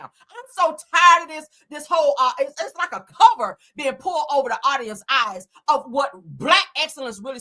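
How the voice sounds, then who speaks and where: A woman on her own channel tearing into a reality show in a blunt, cursing, sarcastic rant. Her voice sits high and bright and swoops up and down as she goes off. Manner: blunt, profane, heated, sarcastic. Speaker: host. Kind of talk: ranting reality TV commentary.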